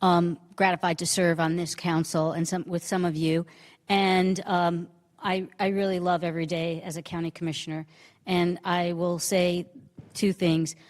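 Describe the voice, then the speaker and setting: A woman's voice: lowish voice, flat delivery, moderate pace. A middle-aged woman from New Jersey giving an unprepared acceptance speech at a council meeting, grateful and hesitant, with many fillers. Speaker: county commissioner accepting an award. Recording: reverberant meeting room.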